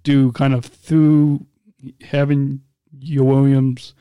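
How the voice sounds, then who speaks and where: A male podcast host with a mellow, relaxed tone, recorded in a dry, close setting. He talks in a halting, casual way, often restarting and repeating words as he frames his questions. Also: medium pitch, clean tone, no room sound. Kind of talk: casual interview.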